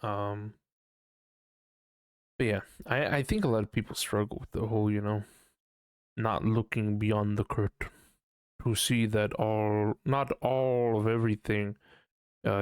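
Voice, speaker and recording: Young man, podcast host, rambling monologue, low pitch, dry close sound. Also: clean tone, no echo. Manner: rambling, swears often, laughs at himself, mimics his own panicked voice. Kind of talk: casual solo podcast monologue.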